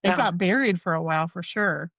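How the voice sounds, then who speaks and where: A woman's voice: lowish voice, a little fast, a bit bright, dry recording, dull audio. A woman speaking as a podcast guest in an earnest, casual chat, with lots of "like" and "you know what I mean".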